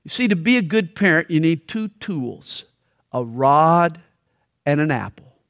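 A middle-aged man preaching a sermon on parenting, telling stories with dramatic pauses and slow, weighty emphasis. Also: on the high side, big pitch swings, a bit bright. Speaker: pastor.

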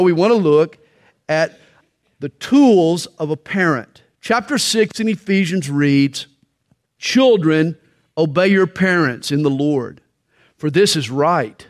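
A middle-aged man preaching a sermon on parenting, telling stories with dramatic pauses and slow, weighty emphasis. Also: high-pitched. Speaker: pastor.

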